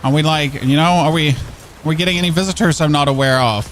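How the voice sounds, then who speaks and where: A man's voice: a little high, fast talker, a bit bright, a little hiss or hum. A man from Germany with a German accent, chatting casually as he streams a game, rambling and joking and often restarting his sentences. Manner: chatty, rambling, jokey, repeats and self-corrects. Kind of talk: casual gameplay commentary.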